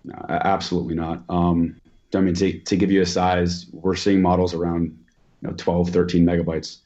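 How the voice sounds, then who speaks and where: A man's voice: deep voice, little pitch movement, normal speed, mellow, lo-fi sound. A man guest explaining a technical topic, filling his sentences with "um" and "you know". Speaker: expert guest.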